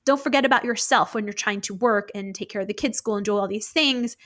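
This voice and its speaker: A woman's voice: medium pitch, fast, a bit bright. A woman co-hosting a podcast, talking in a chatty, encouraging way. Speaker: podcast co-host. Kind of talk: casual chat.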